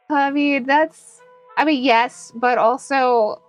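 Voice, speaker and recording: A young woman streaming, chatting with her viewers in a bubbly, giggly voice that she pitches above her natural one. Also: drawn-out words, faint music behind. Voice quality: put-on higher bright stream voice. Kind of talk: casual live-stream chat.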